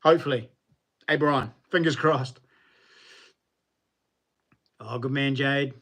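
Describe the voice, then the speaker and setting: A man with a New Zealand accent, a knife maker chatting casually on a livestream and answering viewers in a relaxed, colloquial way. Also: mid-range voice, slow pace.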